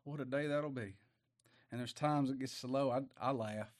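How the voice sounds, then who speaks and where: A man preaching a sermon in a folksy, emotional way, dropping quiet and then rising loud. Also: mid-range voice, normal speed.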